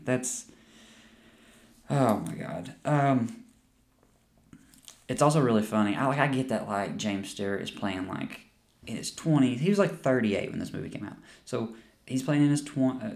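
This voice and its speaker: A man's voice: lowish voice, expressive, moderate pace, gravelly, a little mellow. A young man hosting a podcast and chatting casually about a movie, rambling and swearing a lot. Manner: rambling, profane, with frequent restarts and laughs. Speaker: podcast host. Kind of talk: casual movie review chat.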